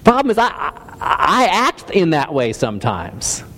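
A man's voice: fairly high pitch, huge pitch swings, a little slow, sharp tone. A man preaching a sermon in a conversational, self-deprecating way, with frequent restarts and stammers. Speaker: pastor. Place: church hall. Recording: reverberant hall.

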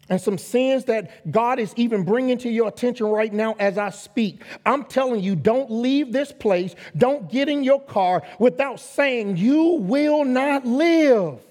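A man preaching a sermon as a guest pastor, emphatic and calling for responses from the congregation, rising to loud exhortation. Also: very high voice, measured pace. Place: church sanctuary. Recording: long reverb of a large hall.

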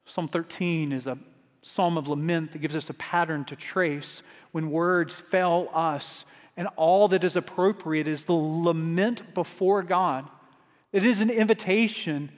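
A man with a high voice preaches an earnest sermon. He leans harder into his repeated refrains as he goes. His words ring out with a long hall reverb. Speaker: pastor.

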